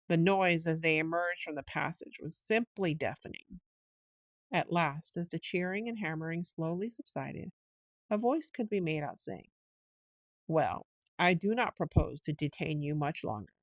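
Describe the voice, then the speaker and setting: A woman giving a slow, unhurried bedtime reading of a storybook, now and then lifting into quick character voices. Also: lowish voice, no echo. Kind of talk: slow sleep-story narration.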